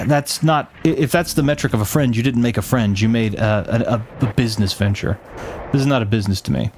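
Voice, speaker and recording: A man's voice: medium pitch, fairly quick, a little hiss or hum. A man talks through a game on a live stream, chatting with his viewers as he plays. He rambles, often restarts his sentences and corrects himself mid-thought. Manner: reads game text aloud between chatting with viewers. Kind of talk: casual gameplay commentary with live chat.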